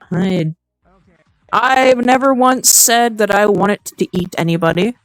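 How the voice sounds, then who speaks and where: A game streamer chatting casually and excitably with viewers, rambling, joking and reacting out loud. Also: medium pitch, measured pace, no echo, poor audio. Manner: excitable, rambling, jokey, talks to chat. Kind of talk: casual live-stream chatter while gaming.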